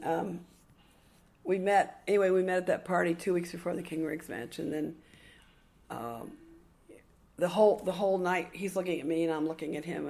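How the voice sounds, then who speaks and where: An older woman with a low, gravelly voice, telling stories as a podcast guest. She talks in an excitable, animated way and acts out the voices of the people she quotes. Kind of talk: casual storytelling interview.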